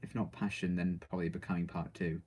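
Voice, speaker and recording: A man's voice: low-pitched, flat delivery, fast, a little mellow. A man reading out viewer questions and answering them in casual, rambling live-stream chat, full of ums and likes.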